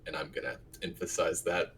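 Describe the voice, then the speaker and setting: A man playing a tabletop game, talking in a wry, deliberate way. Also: fairly bright tone, a little hiss or hum. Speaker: player. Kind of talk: in-character tabletop play.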